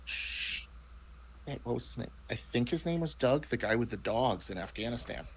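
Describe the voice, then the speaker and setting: A man's voice: medium pitch, animated, normal speed, breathy edge, low-quality recording. A man chatting casually about the tabletop game he plays in, rambling and restarting his sentences often. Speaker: player in a tabletop role-playing show. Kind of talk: casual chat.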